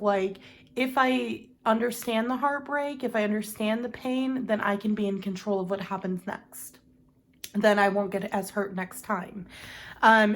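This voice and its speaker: A woman giving a casual, rambling tarot reading to camera, full of fillers and small laughs at herself. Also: medium pitch. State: has the hiccups. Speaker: tarot reader.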